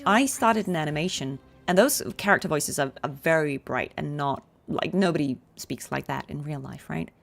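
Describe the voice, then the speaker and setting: Chatty woman with a lowish voice. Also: moderate pace, gravelly, hardly any pauses, soft background music. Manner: chatty, answering viewer questions with fillers. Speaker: voice actress streaming a game. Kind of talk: casual livestream chat.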